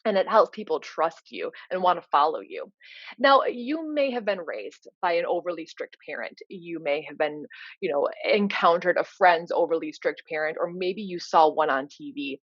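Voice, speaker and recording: A woman coach talks through her lesson in an earnest, explanatory way, leaning on "you know" as she goes. Her voice sits on the low side, and the recording is dry and a touch dull. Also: expressive, normal speed, breathy edge, dry recording. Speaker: leadership coach. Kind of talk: informal coaching lecture.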